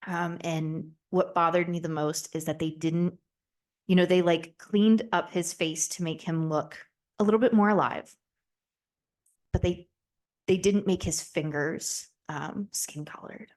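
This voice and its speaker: A woman's voice: lowish voice, fairly even intonation, a little slow, a little mellow. A woman in her twenties chatting candidly on a podcast, rambling with lots of fillers and casual swearing. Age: 20s. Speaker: podcast host.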